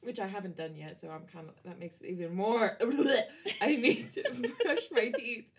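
A woman's voice: medium pitch, animated, normal speed. A young woman co-hosting a podcast, chatting casually with giggly, flustered reactions. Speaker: podcast co-host. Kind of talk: casual chat.

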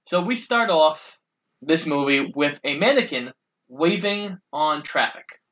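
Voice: mid-range voice, expressive, measured pace, fairly bright tone, low-quality recording. A co-host of a casual film review podcast, steadily recapping the plot with easy asides. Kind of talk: casual chat.

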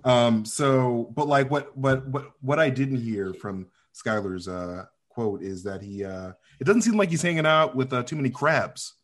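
A man's voice: mid-range voice, unhurried, hardly any pauses. A man guesting on a podcast in casual chat, rambling with lots of fillers.

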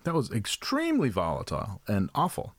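A man's voice: fairly low pitch, wildly swooping pitch, brisk, no room sound. A man co-hosting a casual comedic chat, rambling and profane as he tells jokey stories. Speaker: podcast co-host.

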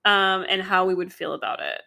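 Bright-toned, chatty young woman. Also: lowish voice, animated, fairly quick, vocal fry. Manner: frank and chatty, laughs often, quotes herself. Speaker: co-host. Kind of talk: casual chat.

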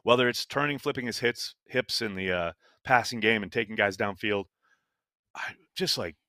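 A man's voice: on the low side, normal speed, bright, forceful tone, no room sound. A man co-hosting a casual sports podcast, talking emphatically with frequent exclamations. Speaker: podcast co-host.

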